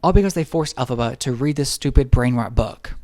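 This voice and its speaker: A man's voice: mid-range voice, animated, a little mellow, no room sound. Young male comic recapper, sarcastic and profane, flips into character voices, dry close sound. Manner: snarky, swearing, acts out characters in quick asides. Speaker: movie recap YouTuber. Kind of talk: comedic movie recap.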